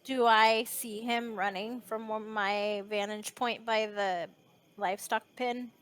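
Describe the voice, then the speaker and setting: Lady player on discord, high voice, eager. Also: steady tone, takes it slowly, a bit bright, clear, resonant tone. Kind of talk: casual tabletop play over voice chat.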